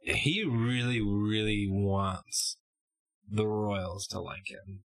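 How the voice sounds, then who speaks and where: A man on a podcast talking politics casually, halting with lots of fillers. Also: fairly low pitch, fairly even intonation, dry recording. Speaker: podcast co-host.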